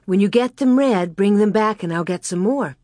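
A woman reading a storybook aloud, voicing a friendly, lively young pioneer wife. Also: medium pitch, normal speed, no echo, studio quality, lightly acted.

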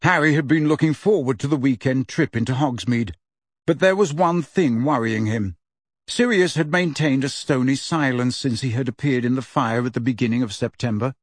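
A man reads a novel aloud in a steady, measured way, his voice mid-pitched and husky. The recording is completely dry and close, with nothing around it. He keeps an even storytelling flow throughout. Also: no room sound. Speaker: audiobook narrator. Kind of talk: scripted narration.

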